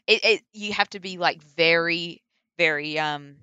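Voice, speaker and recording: A chatty Australian woman with a bright, crisp voice and a somewhat low pitch. She talks casually, dotted with likes and ums. The recording is dry and close. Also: measured pace, dry recording, dull audio. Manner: chatty, full of likes and ums, laughs often. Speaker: voice actor guest. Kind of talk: casual interview chat.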